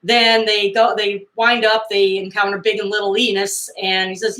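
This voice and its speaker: Woman in her fifties, chatty movie recap, mid-pitched voice, echoey room. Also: normal speed. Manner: chatty, animated retelling with acted-out quotes and laughs.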